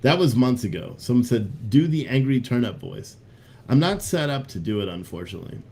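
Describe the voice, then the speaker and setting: A man's voice: mid-range voice, sing-song, a little fast, darkish tone. A man hosting a casual livestream, rambling bluntly with profanity and restarts while reading out chat comments. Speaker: livestream host.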